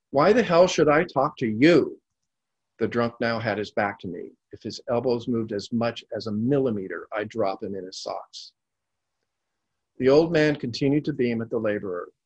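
Calm male narrator reading stories, husky voice, dry close sound. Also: medium pitch, dry recording, dull audio. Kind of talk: scripted storytelling narration.

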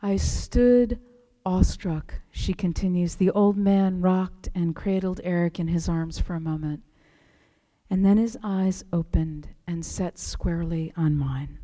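A woman preacher reads a story aloud within her sermon, in a soft, hushed delivery that often sinks to a whisper. She speaks slowly, and her voice has a mellow, dark warmth. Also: fairly low pitch, steady tone, big-room sound.

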